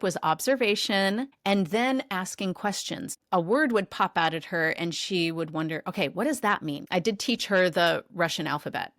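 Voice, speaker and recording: A woman co-hosting a podcast, telling a personal story in a lively, expressive conversational way. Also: on the low side, no echo, studio quality. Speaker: podcast co-host.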